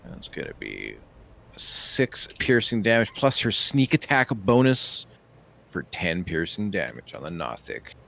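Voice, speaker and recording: A man's voice: low-pitched, wildly swooping pitch, a little slow, vocal fry, fairly bright tone. A man running a tabletop game as game master, narrating combat vividly.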